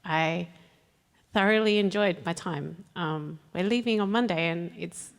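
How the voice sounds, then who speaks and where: A woman's voice: on the low side, a little slow. A woman from a congregation speaking nervously, with ums and little laughs. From Australia. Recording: long hall reverb.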